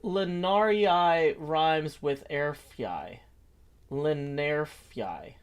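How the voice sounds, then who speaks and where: A man hosting a craft livestream, drawing while he talks, quick and playful, rattling off tip notices and viewer names. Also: on the high side, animated. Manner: quick, playful, reads announcements fast. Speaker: livestream host. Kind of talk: casual livestream chat.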